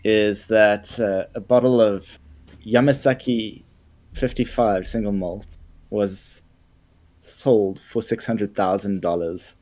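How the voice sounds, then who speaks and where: A man co-hosting a podcast, sharing news items with many ums and pauses. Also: on the low side, fairly even intonation. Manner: hesitant with many ums, warming up to enthusiasm. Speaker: podcast co-host. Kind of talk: casual news chat.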